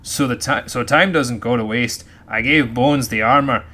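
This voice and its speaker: Over soft background music, a man adopts a loud, growling pirate voice to read aloud the logbook of a grumbling pirate captain. His natural voice is medium-pitched, and he reads at a moderate pace.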